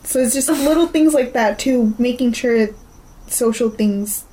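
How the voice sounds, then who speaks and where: A woman's voice: on the high side, a little slow, mellow, slight background noise, poor audio. A woman co-hosting a podcast in casual chat, laughing often and acting out the people she quotes. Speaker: podcast co-host.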